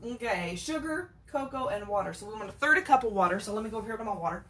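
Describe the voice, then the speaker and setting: Lively chatty woman cooking at home. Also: medium pitch, very fast, few pauses, a little hiss or hum. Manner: chatty, laughs often, coos at her cats. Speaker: home cook and channel host. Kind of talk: casual cooking vlog. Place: home kitchen. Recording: loud kitchen clatter behind voice. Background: dishes, cutlery and stirring sounds.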